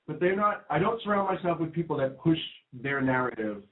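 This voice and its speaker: A man's voice: on the high side, expressive, normal speed, hardly any pauses. A man co-hosting a political talk radio show, opinionated and emphatic, laughing now and then. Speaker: co-host. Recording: tinny phone-like audio.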